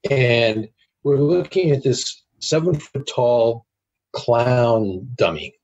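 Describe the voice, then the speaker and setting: A middle-aged man, guest on an interview show, telling anecdotes in a casual, animated way. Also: mid-range voice, slow pace, dull audio. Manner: animated anecdotes with acted quotes.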